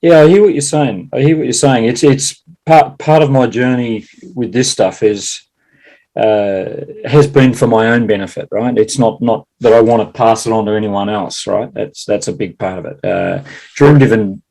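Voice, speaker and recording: A man with a lowish voice chatting casually as a guest. He talks haltingly, restarting sentences and breaking into laughter. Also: fairly even intonation, vocal fry, dark tone, low-quality recording. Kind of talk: casual conversation.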